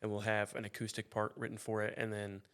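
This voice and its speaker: Laid-back low-voiced young man. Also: completely flat delivery, fast, a bit bright, clear, resonant tone. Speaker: band member guest. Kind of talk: casual interview chat.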